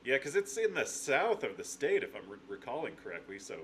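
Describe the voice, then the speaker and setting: A man co-hosting a movie watch-along, agreeable and chuckling in quick back-and-forth. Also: mid-range voice, big pitch swings, a bit bright, husky. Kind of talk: casual chat.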